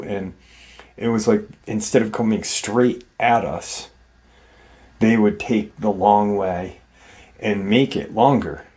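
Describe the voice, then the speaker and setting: A man's voice: fairly low pitch, mellow. A man hosting a show, casually retelling someone's frightening encounter in a conversational way, acting out the quoted dialogue and filling in with "like" and "you know". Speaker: host retelling a viewer's encounter. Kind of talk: casual spoken retelling of a paranormal account.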